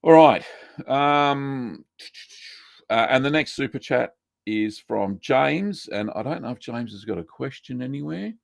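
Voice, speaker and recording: A man hosting a live cheesemaking Q&A, relaxed and chatty, reading out viewer messages with lots of ums. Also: medium pitch, normal speed, creaky, no echo, studio quality. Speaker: cheesemaking show host answering live chat. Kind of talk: casual live-stream Q&A.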